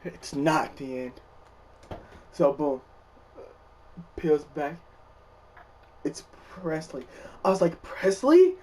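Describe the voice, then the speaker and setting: A young man casually telling a dream story for a vlog, animated and loud, jumping to shouts when he quotes himself. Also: fairly high pitch, drawn-out words, long pauses, far from the mic, a little hiss or hum.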